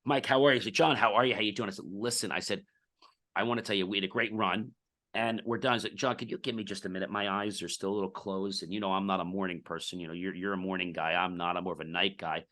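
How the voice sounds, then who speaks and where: A man's voice: deep voice, flat delivery, quick pace, pushed and bright. A middle-aged man, a podcast guest, telling a business story in casual interview talk and acting out the dialogue.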